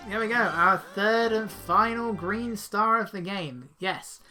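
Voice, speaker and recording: Lowish bright woman's voice, let's player, dry jokey commentary, faint game music behind. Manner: dry, joking asides. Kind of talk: casual gameplay commentary.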